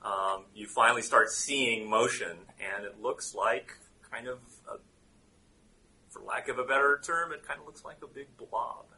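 A man running a tabletop game as game master, narrating in a halting way with many restarts. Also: medium pitch, pushed and bright, slight background noise, poor audio. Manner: halting, full of fillers and restarts.

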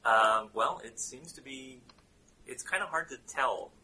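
Bright-voiced male game master. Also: mid-range voice, lively intonation, a little hiss or hum, poor audio. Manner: halting, full of fillers and restarts. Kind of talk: narrating a tabletop game.

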